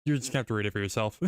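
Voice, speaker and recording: A man streaming casually, chatting with viewers with a laugh, then reading a creepy story aloud in an even first-person voice. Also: medium pitch, no echo, clean studio sound. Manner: joking, laughs often, reads steadily.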